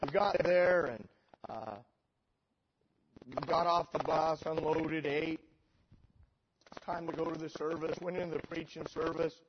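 A middle-aged man preaching a sermon through a story, moving between dry sarcasm and loud emotional peaks. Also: on the high side, measured pace, pauses often. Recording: dull lo-fi sermon recording with noise.

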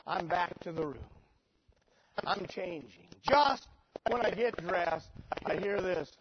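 Animated preacher with a high voice. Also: male voice, slow pace. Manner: animated, swings from dry sarcasm to loud emotional peaks. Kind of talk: storytelling sermon. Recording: dull lo-fi sermon recording with noise.

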